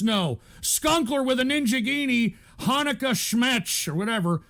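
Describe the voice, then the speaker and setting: Gravelly high-voiced man ranting profanely. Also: lively intonation, moderate pace, hardly any pauses, pushed and bright. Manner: profane, ranting, stammering restarts. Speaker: show host. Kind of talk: angry rant at chat.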